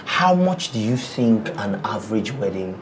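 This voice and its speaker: A man's voice: lowish voice, sing-song, moderate pace. A young man with a Nigerian accent, playing an earnest groom-to-be who stammers and repeats his words. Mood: overjoyed. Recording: noisy background hum.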